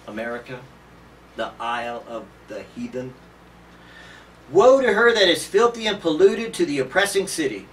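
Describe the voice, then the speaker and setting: A man preaching an outdoor Bible study sermon, emphatic, asking the listeners rhetorical questions and swinging between quiet and loud. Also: mid-range voice, recorded from a distance, slight background noise.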